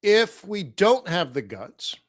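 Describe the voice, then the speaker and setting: Slow-talking rambling male stream host. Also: sits high, very animated, no room sound, clean studio sound. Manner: rambling, conversational, chuckles often. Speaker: forex trading livestream host. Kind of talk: casual livestream commentary.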